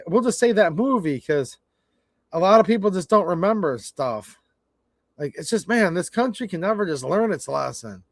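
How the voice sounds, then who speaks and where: A man's voice: high voice, dry recording, clean studio sound. A man in his forties hosting a livestream, rambling and stammering in a blunt, frustrated way. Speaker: livestream host. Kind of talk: casual livestream rant.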